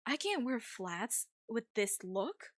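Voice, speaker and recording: A woman's voice: fairly high pitch, big pitch swings, slow pace, dry recording, clean studio sound, full character voice. A woman voicing a vain, stylish young witch girl in a put-on Valley girl accent, reading a game's lines. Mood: vain drawl.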